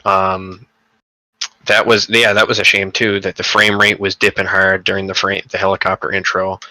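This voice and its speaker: A man's voice: low voice, completely flat delivery, moderate pace, pushed and bright, dry recording, poor audio. A young man co-hosting a casual gaming podcast, rambling and profane, with lots of fillers and restarts. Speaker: podcast co-host.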